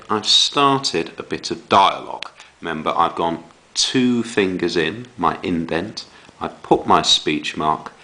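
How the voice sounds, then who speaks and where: A man teaching young children a writing lesson, reading examples aloud with slow dramatic emphasis. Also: sits low, low-quality recording. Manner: slow, lively delivery with dramatic read-aloud. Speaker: primary school teacher.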